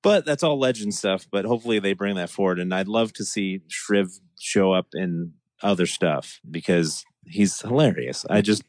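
Man, very low voice, enthusiastic, rambling podcast chat, dry close sound. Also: moderate pace, hardly any pauses, dry recording. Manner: enthusiastic, rambling with restarts and laughs. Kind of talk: casual chat.

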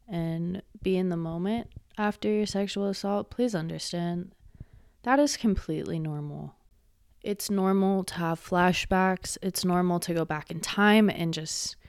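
A woman hosting a personal podcast from her home studio, gently reassuring listeners and guiding them step by step at a studio microphone. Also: lowish voice, clear, resonant tone, no echo. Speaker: podcast host. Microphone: studio microphone, wearing headphones.

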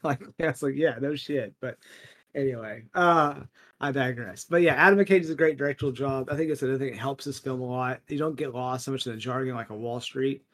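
A man's voice: medium pitch, brisk. A man co-hosting a podcast, chatting casually about movies with plenty of fillers and laughter. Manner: animated, laughing, lots of fillers. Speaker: podcast co-host. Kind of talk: casual chat.

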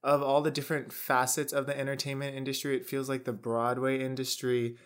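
A man's voice: medium pitch, little pitch movement, brisk, a bit bright. A man co-hosting a theatre podcast, talking in a friendly, conversational way. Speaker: podcast co-host. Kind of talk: casual chat.

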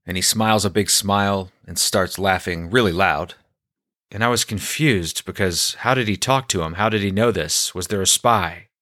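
A man hosting a storytelling podcast, recounting a personal story in a deadpan, conversational way. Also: deep voice, moderate pace, no room sound, clean studio sound.

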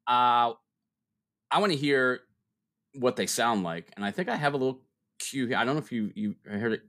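A man's voice: mid-range voice, normal speed, fairly bright tone. A man co-hosting a casual podcast chat, teasing his co-host and laughing often.

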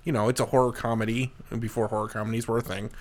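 A man's voice: mid-range voice, flat delivery, rapid-fire. A man in a casual movie review chat, rambling with many restarts and "you know"s. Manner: rambling, full of restarts and fillers.

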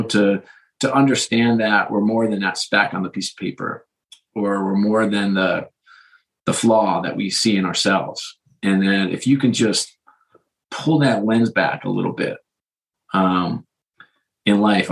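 A man's voice: on the low side, a bit bright, low-quality recording. A middle-aged man hosting a podcast conversation, enthusiastic and rambling, often restarting his sentences. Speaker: host.

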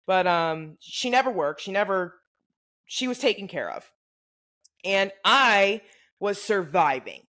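A young woman co-hosting a podcast, telling a story in a casual, animated, profane way and acting out what people said. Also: medium pitch, slow pace. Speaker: podcast co-host. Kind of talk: casual chat.

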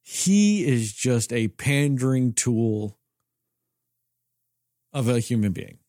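A man's voice: medium pitch, lively intonation, slow pace, dark tone, dry recording, studio quality. A man co-hosting a podcast in casual chat, ranting in a heated, profane way. He is from Texas. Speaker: podcast co-host.

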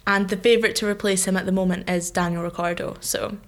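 A woman co-hosting a casual podcast. She talks in a friendly, easygoing way, agrees readily and laughs often. Her voice is middling in pitch. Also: fairly even intonation, fast talker. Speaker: podcast co-host. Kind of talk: casual chat.

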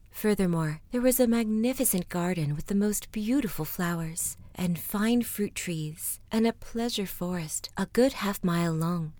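A woman reading a fairy tale aloud, slipping into soft whispers at times. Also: fairly low pitch, no echo. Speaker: storyteller.

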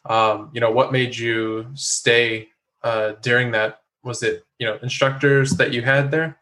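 A man hosting a casual interview, asking questions and sharing an anecdote in a steady way. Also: medium pitch, measured pace, rough recording.

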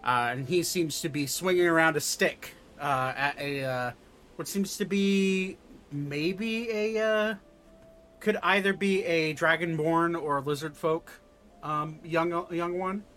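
Slow, meandering game master man. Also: fairly high pitch, fairly bright tone. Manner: slow and meandering, with many fillers. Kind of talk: narrating a tabletop game.

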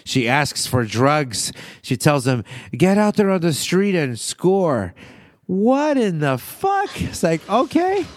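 A man casually recapping a sitcom episode, animated and profane, often laughing and acting out quotes. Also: medium pitch, dry recording, clean studio sound. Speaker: podcast host recapping a sitcom.

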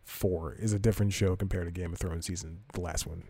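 A man's voice: sits low, fairly even intonation, a little fast, dark tone, husky, no room sound. A man hosting a podcast, reading entertainment news aloud and rambling through it with self-corrections and casual asides. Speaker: podcast host.

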